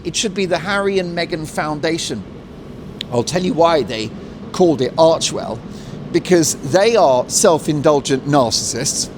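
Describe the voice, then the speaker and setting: Animated, mocking male talk show host. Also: sits high, noisy background. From Britain. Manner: animated, mocking, swings into jokey put-on voices. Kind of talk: opinionated talk show monologue.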